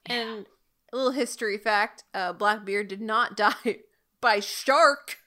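A woman co-hosting a podcast, chatty and a bit halting, sharing trivia. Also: fairly high pitch, bright, forceful tone. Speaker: podcast co-host. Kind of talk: casual chat.

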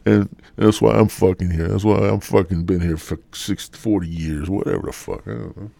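A man's voice: low voice, steady tone, moderate pace, gravelly, dark tone, no room sound. Sardonic, foul-mouthed man in his sixties. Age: 60s. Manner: crude, swearing, sardonic. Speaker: podcast host. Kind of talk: profane comic rant.

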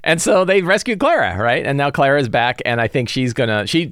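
A man's voice: on the low side, vocal fry, a bit bright, no room sound, studio quality. A man who runs tabletop games, casually recapping a session and planning the next one, with lots of fillers and restarts. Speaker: game master. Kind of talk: casual game-prep vlog.

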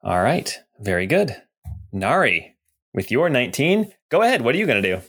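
A man's voice: mid-range voice, big pitch swings, moderate pace, a bit bright, husky. Easygoing male game master. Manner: easygoing, narrates with frequent fillers and laughs. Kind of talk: narrating a tabletop game.

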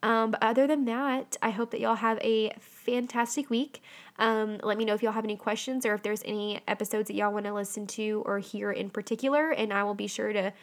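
A woman's voice: mid-range voice, fairly even intonation, fairly quick. A young woman hosting a casual solo podcast, chatty and full of "um" and "like". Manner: chatty, heavy on fillers like "um" and "like". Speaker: podcast host.

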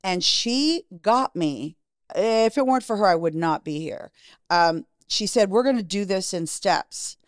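A woman's voice: medium pitch, lively intonation, unhurried, no echo, clean studio sound. A middle-aged woman, a podcast guest, candidly telling a personal story in a frank, profane way and acting out the lines of the people in it.

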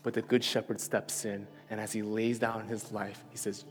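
A man's voice: lowish voice, flat delivery, normal speed, hardly any pauses. Man preaching in a reverberant hall. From New York. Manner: conversational, self-deprecating storytelling with frequent "right?". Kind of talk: sermon. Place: church hall. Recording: reverberant hall with soft music.

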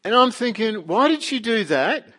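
A man preaching a casual sermon, animated and full of rhetorical questions. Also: high voice, normal speed. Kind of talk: conversational sermon.

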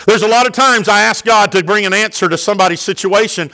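A middle-aged male pastor preaching a sermon with fervour, rising into loud, impassioned peaks. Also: sits high, fast talker, vocal fry, low-quality recording.

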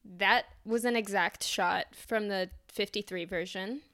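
Smooth-voiced woman chatting about old films. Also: mid-range voice, measured pace. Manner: animated, storytelling with asides. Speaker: podcast co-host. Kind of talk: casual chat about films.

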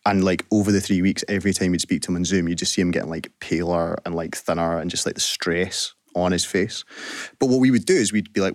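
A man with a very low voice talks through his story in a loose, chatty way, full of "like" and asides. He is a guest on a radio show, and the studio sound is dry and close. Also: quick pace, no room sound. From Scotland. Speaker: guest entrepreneur. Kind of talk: casual radio interview.

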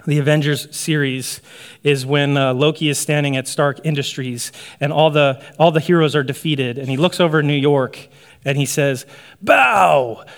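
A man preaching a sermon in a conversational way, often checking in with "right?" and laughing lightly. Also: on the high side. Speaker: pastor.

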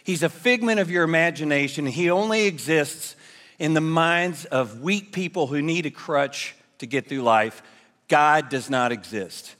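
A pastor voicing a dismissive atheist swimmer in a joke, heard in a long hall reverb. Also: male voice, on the high side, measured pace, a bit bright. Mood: scoffing. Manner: dismissive, then panicked. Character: scoffing atheist man swimming in the ocean.

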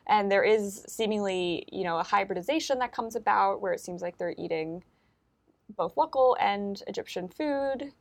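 A woman's voice: medium pitch, moderate pace. Chatty woman podcast co-host. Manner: chatty, many fillers and restarts. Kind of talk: casual conversation on ancient history.

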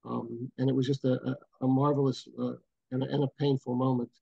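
An older man, a booking agent, telling a personal story in an interview in an unhurried, reflective way with many pauses, over a video call from home. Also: medium pitch, flat delivery, vocal fry, husky, no echo, lo-fi sound. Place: home, bridge view behind.

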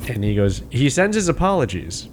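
A man's voice: mid-range voice, sing-song, moderate pace, a little hiss or hum. A man in casual chat, animatedly retelling a film scene with plenty of swearing.

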